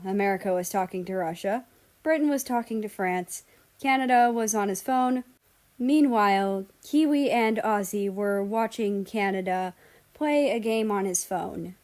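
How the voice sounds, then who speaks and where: A woman's voice: medium pitch, darkish tone. Woman reading a story aloud steadily. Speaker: story reader. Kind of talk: audiobook narration of fan fiction.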